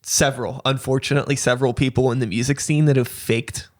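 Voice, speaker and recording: A man's voice: mid-range voice, steady tone, fast talker. A man hosting a podcast in casual chat, loose and full of fillers, sometimes swearing. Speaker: podcast host.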